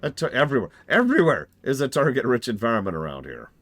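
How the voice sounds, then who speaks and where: A man's voice: medium pitch, wildly swooping pitch, fast, fairly bright tone, a little hiss or hum. Wry man commenting on his game. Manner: sarcastic, wry asides, reads quest text aloud. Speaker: game streamer and lore reviewer. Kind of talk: live commentary while playing.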